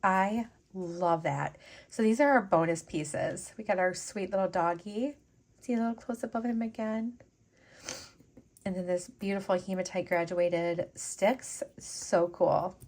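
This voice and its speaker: A woman hosting a casual jewelry-making vlog, gushing and excitable, chatting to viewers as she unboxes beads. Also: medium pitch, unhurried. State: teary and sniffly after sneezing. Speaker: jewelry-making channel host.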